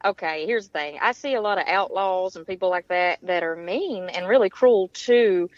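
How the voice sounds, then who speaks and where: A woman's voice: on the low side, normal speed, dry recording, muffled recording. A woman with a Southern American accent, chatting on a radio show as a guest, giggly and talkative. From Georgia, USA. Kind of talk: casual radio chat.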